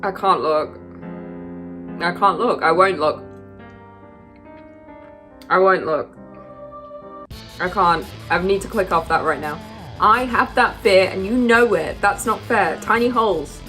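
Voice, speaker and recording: A woman's voice: mid-range voice, slow pace, long pauses, bright, forceful tone, faint music behind. Squeamish woman reacting to gross clips. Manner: squeamish, disgusted, exclaiming. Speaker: video reaction host. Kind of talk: casual reaction commentary.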